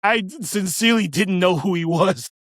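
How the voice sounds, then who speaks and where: Halting ex-cop man telling stories. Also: high-pitched, fairly bright tone, no room sound, clean studio sound. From United States. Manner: halting, repeats words, acts out quoted dialogue. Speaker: guest, retired police officer. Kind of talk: casual storytelling.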